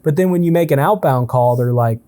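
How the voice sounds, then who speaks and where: Mellow-voiced man coaching a team. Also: medium pitch, a little fast, slight background noise. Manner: relaxed and conversational, often checks in with "right?". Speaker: sales trainer. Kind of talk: casual in-person coaching session.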